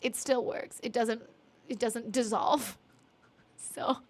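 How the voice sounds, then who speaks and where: A woman's voice: fairly high pitch, fairly even intonation, takes it slowly. A young adult woman streamer chatting casually with viewers, giggly and emotional, teary and yawning, often apologizing. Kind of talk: casual chat reading viewer messages.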